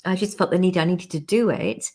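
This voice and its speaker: A woman's voice: on the low side, fairly even intonation, brisk, darkish tone. A woman hosting a casual interview on a video call, telling anecdotes in a chatty way and acting out what people said. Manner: chatty storyteller, laughs, acts out quoted people. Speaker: interview host.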